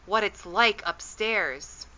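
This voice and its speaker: A woman's voice: mid-range voice, sharp tone, dull audio. A woman reading as a fretful tiny mother. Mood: hushed. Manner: fretful, scolding, quick to tears. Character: anxious, tearful tiny mother, fretful and scolding.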